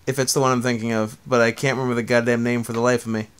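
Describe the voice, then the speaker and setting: A man's voice: mid-range voice, level tone, racing, slight background noise. Laughing, swearing young man co-hosting. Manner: laughs often, swears casually. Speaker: podcast co-host. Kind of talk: casual chat.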